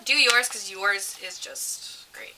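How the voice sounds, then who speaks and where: A woman's voice: medium pitch, slow pace, bright, forceful tone, recorded from a distance, a little hiss or hum, low-quality recording. A woman co-hosting a casual podcast, chiming in with jokes and frequent laughter. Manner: laughs often, chimes in with jokes. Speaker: podcast co-host. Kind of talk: casual chat.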